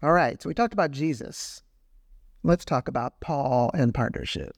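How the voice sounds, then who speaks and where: A man co-hosting a missionary podcast, calmly explaining Bible word meanings in casual chat. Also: medium pitch, normal speed, creaky, dry recording, studio quality. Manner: calm, steady explaining. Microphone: podcast microphone.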